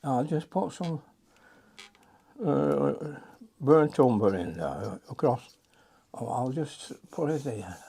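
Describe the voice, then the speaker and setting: A man's voice: mid-range voice, lively intonation, takes it slowly, vocal fry, pauses often, warm tone, slightly rough. An older man, chatting and muttering to himself as he demonstrates a watercolour painting.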